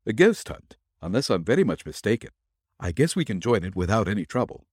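A man's voice: on the low side, big pitch swings, brisk, darkish tone, no echo, clean studio sound. A man voicing a shrewd detective posing as a coachman in a storybook reading, speaking in a deferential manner with a Yankee twang. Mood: brisk. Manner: deferential servant's talk with a twang.

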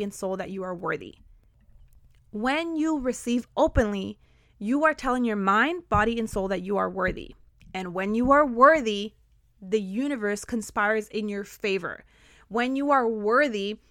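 An energetic woman hosts a motivational podcast with a slightly high voice. She leans hard on repeated words and keeps her delivery emphatic. The recording is close and dry. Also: unhurried, no room sound. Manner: energetic, enthusiastic, emphatic repetition. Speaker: podcast host.

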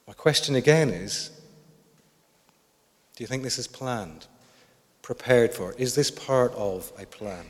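A male preacher delivers a sermon in a reflective, questioning manner, often turning to his congregation with questions. His voice sits at an ordinary middle pitch for a man. It carries a long, ringing reverb from a church hall. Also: animated, slow, pauses often.

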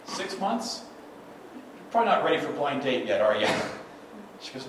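With a fairly high voice that swings widely in pitch, this pastor preaches at a moderate pace in a conversational style, often checking in with "right?" The distant mic makes him sound remote. A very echoey hall and a noticeable bed of room noise surround his words.

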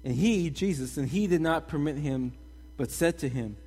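A young man giving a casual, slangy sermon as a pastor, animated and energetic in his storytelling. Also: fairly high pitch, moderate pace, breathy edge. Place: church hall. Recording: long reverb in a hall.

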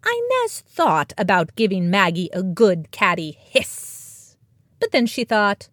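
A woman narrating a children's story she wrote, slow and expressive, recorded close and dry. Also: medium pitch, no room sound. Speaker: storyteller and author.

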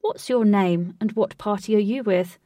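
Officious, curt palace guard, loud and firm, read by a woman; mellow tone. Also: mid-range voice, moderate pace, no room sound, clean studio sound, far from the mic, close to an everyday voice.

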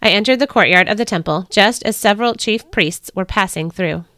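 A woman's voice: medium pitch, brisk, pushed and bright, no room sound. A woman hosting a devotional podcast, reading a story aloud with earnest expression.

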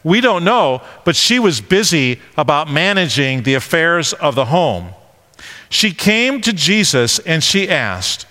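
A man preaching a conversational sermon, animated and full of questions. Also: on the high side, a little slow, long reverb tail.

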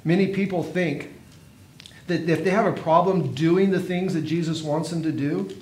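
A man preaching a sermon, earnest, with dramatic pauses and swelling emphasis. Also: steady tone, a little mellow. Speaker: pastor. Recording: echoey room with faint noise and rumble.

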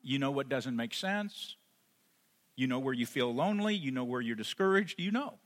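A man preaching a sermon as pastor, rising to emphatic peaks and then dropping soft and intimate. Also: medium pitch, lively intonation, moderate pace. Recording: long hall reverb.

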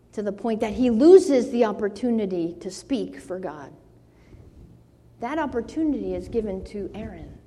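Woman preacher, mellow and unhurried, in a church with long reverb. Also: a little high. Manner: slow earnest preaching, rising to pleading in quoted scripture. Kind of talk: sermon.

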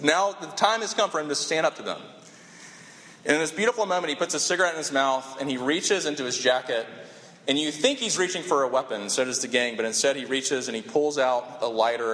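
A man preaching a sermon with impassioned, animated storytelling and dramatic pauses. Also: medium pitch. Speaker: pastor. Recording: echoey hall with long reverb.

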